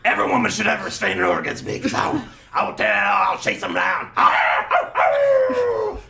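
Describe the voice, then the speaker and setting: A man doing an impression of a lecherous, howling late-night male radio DJ with a gravelly voice. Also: extremely high pitch, huge pitch swings, moderate pace, pushed and bright, slight background noise, voice pushed up, exaggerated voice. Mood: leering. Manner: howling, growling lines, lewd bragging. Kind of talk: parody radio DJ intro.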